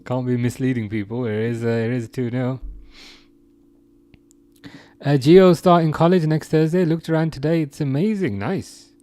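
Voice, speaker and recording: A man's voice: fairly high pitch, mellow, no room sound. Man, football livestream host, chatty, reads chat aloud, dry close mic. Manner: chatty, reads viewer comments aloud, laughs often.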